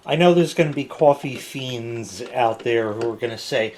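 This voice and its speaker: A man's voice: mid-range voice, normal speed, few pauses, a little mellow. Regular American guy in his forties, rambling kitchen review, casual and a bit profane. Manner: rambling, casual, sometimes swearing. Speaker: product reviewer. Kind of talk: casual chat.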